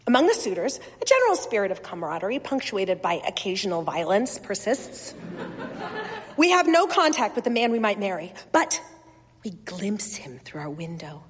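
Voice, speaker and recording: A woman reading first-person literary fiction aloud in a measured, wistful, softly expressive way. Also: mid-range voice, husky, long reverb tail. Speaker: reader.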